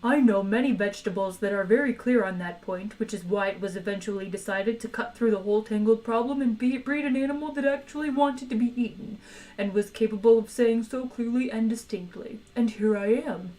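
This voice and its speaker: Woman doing a contented, obliging creature offering himself, odd timbre, a touch high, faint music behind. Storybook reading. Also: dark tone, far from the mic, lightly acted, poor audio. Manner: courteous, obliging, unhurried. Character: polite male creature bred to be eaten, contented.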